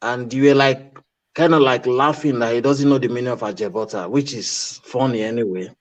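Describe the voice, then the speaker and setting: A man's voice: medium pitch, fairly quick, dull audio. A man on a live online panel, breaking in to question the others. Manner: questioning, interjecting.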